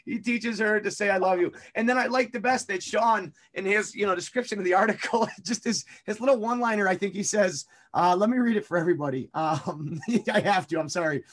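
A man's voice: sits high, a little fast, few pauses. A man co-hosting a sports podcast, talking in a rambling, hesitant way with many fillers and restarts. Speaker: podcast co-host. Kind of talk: casual chat.

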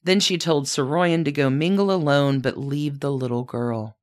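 Very low-voiced woman narrating a letter. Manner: addresses her subject as "you", measured storytelling. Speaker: podcast host. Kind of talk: scripted narration.

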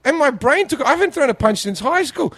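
A middle-aged man, a comedian, telling a story in casual chat, animated and quick to laugh, swearing freely. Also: very high voice. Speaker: comedian guest.

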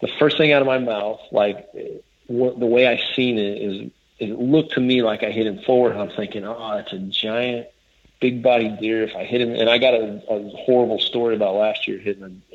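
A man's voice: fairly low pitch, fairly even intonation, fairly quick. A man casually telling a long story as a guest, rambling and restarting as he quotes others. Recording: dull lo-fi audio.

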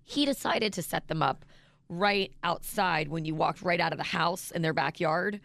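A woman's voice: on the low side, moderate pace, creaky, fairly bright tone, no echo. A woman co-hosting a radio show, telling a rambling story in casual banter.

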